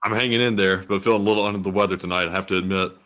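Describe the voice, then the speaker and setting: A man's voice: sits low, fairly even intonation, racing, a bit bright. A man co-hosting a livestream, chatting casually and joking along. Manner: laid-back, joking. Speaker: stream co-host.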